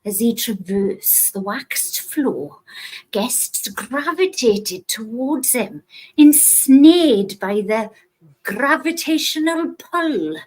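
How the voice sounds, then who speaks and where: A woman with a Welsh accent, a podcast guest reading a story aloud in a measured way. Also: a little high, sing-song, breathy edge, low-quality recording.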